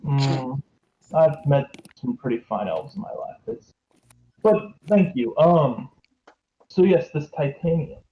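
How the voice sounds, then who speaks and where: A man's voice: medium pitch, lively intonation, slow. A man playing his character in a tabletop game, polite and playful. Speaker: player. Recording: dull lo-fi mic.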